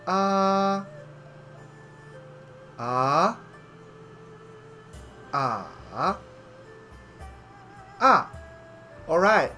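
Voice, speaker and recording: A man hosting a lesson on speech sounds, slowly demonstrating tones on drawn-out vowels. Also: fairly high pitch, a bit bright. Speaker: host and language teacher. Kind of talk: pronunciation lesson.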